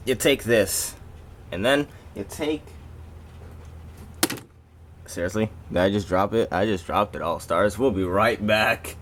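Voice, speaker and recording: A man's voice: fairly low pitch, a little slow, long pauses. A man doing a casual toy review, rambling and breaking off into jokey asides to his viewers.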